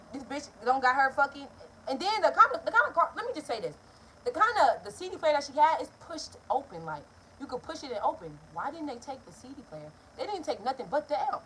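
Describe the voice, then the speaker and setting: A young woman, telling a story in a casual vlog, animated and profane. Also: high-pitched, slight background noise. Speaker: vlogger.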